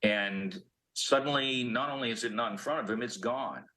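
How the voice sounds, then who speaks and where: A man's voice: mid-range voice, normal speed, bright, forceful tone, low-quality recording. A man speaking as a panelist on a local TV news discussion, reflective and questioning. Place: TV studio.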